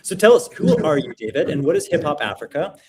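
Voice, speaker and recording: A man's voice: fairly high pitch, sing-song, fast talker, heavy background noise. A man in his thirties hosting a casual online showcase over a video call, talking in an upbeat, rambling way with lots of fillers. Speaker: livestream showcase host.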